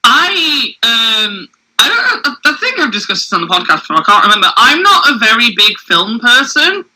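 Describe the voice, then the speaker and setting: A woman's voice: on the high side, big pitch swings, normal speed, bright, forceful tone, rough recording. A woman co-hosting a podcast in casual chat, rambling with filler words and frequent giggles. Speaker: podcast co-host.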